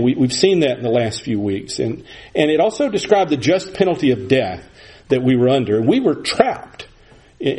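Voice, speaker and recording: A man's voice: fairly high pitch, a little mellow, low-quality recording. A man preaching an earnest expository sermon, often restarting his phrases as he explains a verse. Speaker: pastor.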